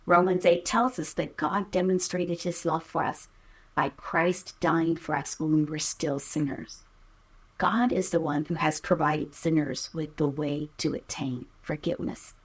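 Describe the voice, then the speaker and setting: A woman hosting a podcast, reading Bible verses aloud and teaching a scripted Bible lesson in a measured way. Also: low voice, steady tone, breathy edge.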